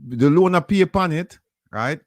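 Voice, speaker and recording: A man's voice: fairly high pitch, expressive, unhurried, no room sound, studio quality. A man with a Jamaican accent hosting a casual talk, insistent and argumentative as he directs the reading. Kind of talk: casual chat.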